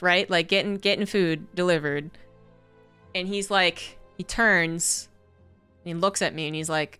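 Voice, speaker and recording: A woman esports caster telling a casual, profane story with animated, incredulous outbursts. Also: fairly low pitch, moderate pace, clear, resonant tone, no room sound, faint music behind. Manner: animated, rising to incredulous outbursts when quoting herself; chatty, profane, laughs through the tale. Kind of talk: casual storytelling while casting.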